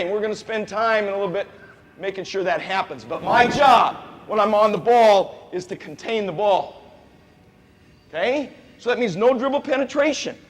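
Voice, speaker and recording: Brief: animated high-voiced man as youth basketball coach, quizzing kids, long gym reverb. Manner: animated, asks the players questions, repeats key points. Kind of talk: coaching clinic instruction. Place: gym with players on court.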